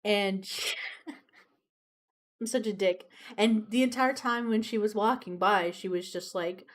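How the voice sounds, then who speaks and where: A woman's voice: mid-range voice, measured pace. A young woman streamer chatting casually while she draws, rambling and swearing freely. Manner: rambling, swears freely, laughs at her own stories. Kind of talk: casual chat while drawing on a livestream.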